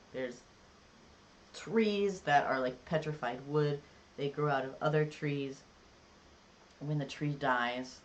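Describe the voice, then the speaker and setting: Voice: medium pitch, a bit bright. A live-streamer in casual chat, rambling and jokey, with lots of filler words. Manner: rambling and chatty, many "like"s and "um"s. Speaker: livestreamer.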